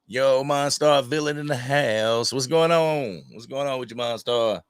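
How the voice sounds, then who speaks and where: A man's voice: mid-range voice, unhurried, clear, resonant tone, dry recording. A man hosting an unscripted fan livestream, talking casually and greeting viewers from the chat. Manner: casual, animated, reads chat names aloud. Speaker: livestream host.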